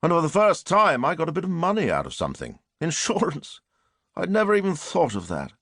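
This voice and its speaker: A man's voice: fairly low pitch, sing-song, measured pace, creaky, no room sound, studio quality, exaggerated voice. A man voicing a brooding, self-pitying middle-aged murderer in a musing inner monologue from an audiobook. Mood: pleased.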